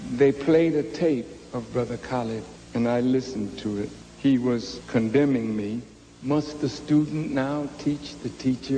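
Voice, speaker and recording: A man who leads ministers, recounting events in a measured, reflective speech. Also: medium pitch, mellow. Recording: long hall reverb.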